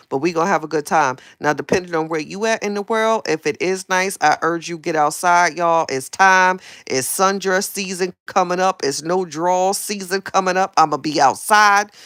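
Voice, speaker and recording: A woman hosts a casual gossip livestream, sassy and animated, going from loud outbursts to quiet asides. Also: on the low side, dry recording, clean studio sound. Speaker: livestream host.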